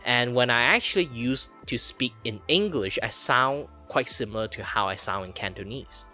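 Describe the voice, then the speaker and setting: Malaysian man shifting his pitch a lot. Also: lively intonation, moderate pace, sharp tone, soft background music. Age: 30s. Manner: keeps shifting his pitch from low to high to show off voices. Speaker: VTuber guest or co-host. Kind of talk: casual chat.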